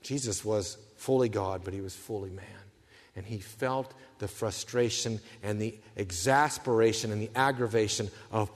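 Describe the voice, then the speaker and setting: A man preaching a sermon, swinging from hushed, low passages to fervent, raised ones. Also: moderate pace, long reverb tail.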